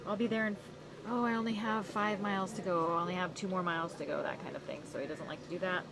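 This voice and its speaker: A woman's voice: fairly low pitch, fairly even intonation, quick pace, creaky, low-quality recording. Rambling woman commentating over crowd noise. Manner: rambling, with many fillers. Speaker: race commentator. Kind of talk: livestream commentary. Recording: loud crowd behind.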